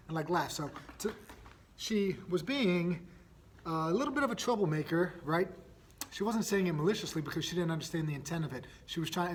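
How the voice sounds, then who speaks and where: A man's voice: on the high side, a little hiss or hum. Chatty man hosting a parenting podcast. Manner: energetic, chatty, often asks "right?". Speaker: podcast host. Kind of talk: casual solo podcast storytelling.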